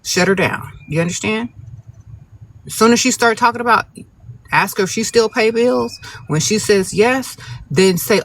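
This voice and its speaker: A man with a notably high voice hosts a casual livestream, answering viewer questions with blunt, sassy, no-nonsense advice. He talks straight at his audience, and a faint background noise sits under the phone recording. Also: moderate pace, a bit bright. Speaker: advice-giving livestream host. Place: outdoors, birds nearby.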